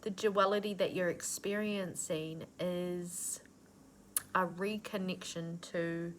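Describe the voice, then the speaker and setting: Slow, nurturing New woman reader. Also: on the low side, fairly even intonation, a little hiss or hum. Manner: earnest and nurturing, with casual swearing. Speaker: intuitive reader. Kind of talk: channeled spiritual reading.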